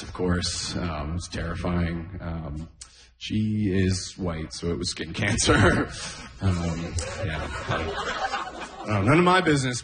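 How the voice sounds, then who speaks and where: A man's voice: deep voice, reverberant. A man from Canada performing a stand-up comedy set, laughing at his own jokes and often saying "oh, man".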